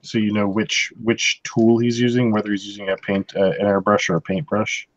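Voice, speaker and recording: A man's voice: lowish voice, flat delivery, normal speed, dry recording. A man chatting casually with blunt enthusiasm and a casual curse now and then. The sound is dry and muffled. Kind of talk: casual chat.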